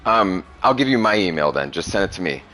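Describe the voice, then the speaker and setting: A man's voice: low-pitched, very animated, a little fast, pushed and bright. A young man streaming, chatting casually with a young viewer, crude and profane, rambling and laughing often. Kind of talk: casual chat.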